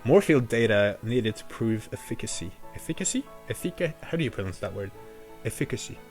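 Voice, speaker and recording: A man streaming a video game, chatting casually and joking with his viewers in an excitable, bantering way. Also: on the low side, a little fast, soft background music. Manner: excitable, jokey banter with chat.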